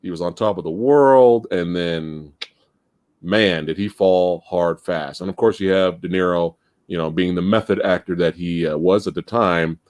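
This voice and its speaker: A man hosting a casual movie podcast, talking in an animated way and laughing as he goes. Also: low voice, normal speed, no room sound, studio quality. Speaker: podcast host.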